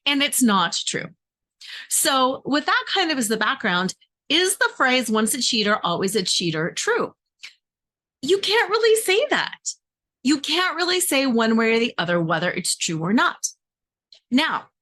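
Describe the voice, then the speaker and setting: A middle-aged woman coaching her audience in an emphatic, conversational way. Her voice sits a little high and swoops up and down a lot as she stresses her points. She sounds like she is talking straight to the listener. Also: fairly bright tone. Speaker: relationship coach. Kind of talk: direct-to-camera coaching talk.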